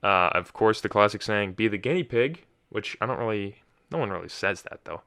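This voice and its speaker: A man's voice: lowish voice, expressive, brisk, gravelly, pushed and bright, no room sound, studio quality. Rambling young man hosting a podcast. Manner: rambling, self-correcting, restarts often. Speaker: podcast host. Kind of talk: casual solo podcast chat.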